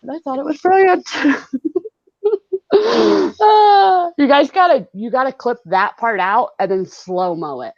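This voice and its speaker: A woman's voice: fairly high pitch, animated, moderate pace, dry recording. Chatty woman hosting a live stream. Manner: chatty, laughs often, reads chat comments aloud. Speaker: host of a live hangout. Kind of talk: casual live-stream chat. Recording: dull, lo-fi video call audio.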